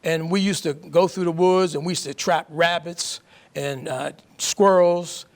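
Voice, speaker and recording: A man's voice: a little high, steady tone, measured pace, vocal fry. An older man from Pennsylvania, a guest author in a casual interview, folksy and repeating himself. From Pennsylvania, USA.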